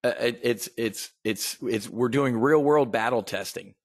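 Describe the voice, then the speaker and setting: A man's voice: mid-range voice, measured pace, few pauses, no echo, clean studio sound. A man hosting a market briefing, ranting bluntly and sarcastically, with casual swearing and frequent restarts. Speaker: host of a trading market briefing. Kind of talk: casual profane livestream commentary.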